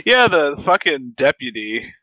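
Bright, dry-sounding male podcast co-host. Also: fairly high pitch, sing-song, no echo, low-quality recording. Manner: profane, laughing, quick pop-culture comparisons. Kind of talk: casual film discussion.

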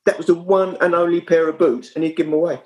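A man, a former kit man, telling anecdotes as a guest in casual chat, with lively storytelling. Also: fairly high pitch, fast, poor audio. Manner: animated, lively storyteller with frequent restarts.

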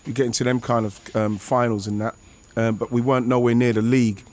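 Excitable rambling man. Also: mid-range voice, fast. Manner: rambling, excitable, many restarts and fillers. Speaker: former footballer guest. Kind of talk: casual anecdote on a podcast.

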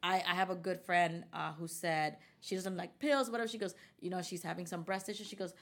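An American woman with a fairly low voice speaks a little fast as a guest. Chatting casually, she tells a personal story with animation, quoting the people involved.

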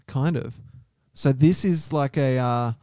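A man's voice: mid-range voice, takes it slowly, warm tone, no echo, studio quality. A man co-hosting a podcast, teasing his friend and swearing freely. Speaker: podcast co-host. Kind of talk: casual banter.

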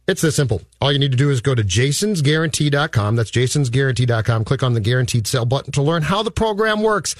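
A man's voice: mid-range voice, expressive, fast, hardly any pauses, dry recording, clean studio sound. A man co-hosting a sports radio show, blunt and opinionated, also doing live ad reads. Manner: blunt, opinionated, salesy on ads. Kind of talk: sports talk radio banter and live ad read. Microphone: studio microphone.

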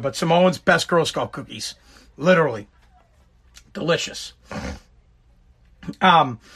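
A man with a strikingly high-pitched voice talks in a loose, rambling rant. He swears freely and mocks with sarcasm. His voice sounds tired and worn from a long workday. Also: pushed and bright. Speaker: content creator. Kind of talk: casual ranting monologue.

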